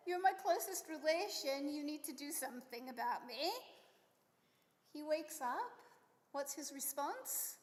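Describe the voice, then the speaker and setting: A high-voiced woman leads a text study, lively and animated, throwing herself into the quotes. Her voice carries with a long reverb, as in a large hall. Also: a little slow. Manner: animated, acts out quotes with sudden pitch jumps. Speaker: rabbi teaching a study session. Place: synagogue hall.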